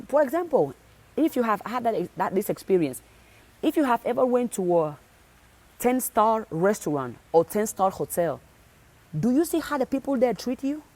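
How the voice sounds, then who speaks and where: A woman's voice: mid-range voice, warm tone, no room sound. A woman motivational speaker talking to her viewers, insistent and direct, driving points home by repeating phrases over and over. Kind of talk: motivational talk.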